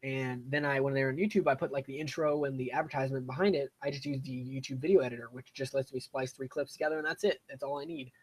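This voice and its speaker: A young adult man streams a game live, chatting casually, rambling and poking fun at himself as he plays. His mid-range, slightly rough voice keeps a fairly even intonation, and he talks fast with few pauses.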